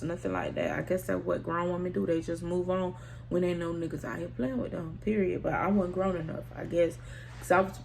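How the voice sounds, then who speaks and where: A woman with a creaky, mid-range voice shares a personal story in a casual storytime vlog. Candid and slangy, she often talks directly to her viewers, and there's slight background noise.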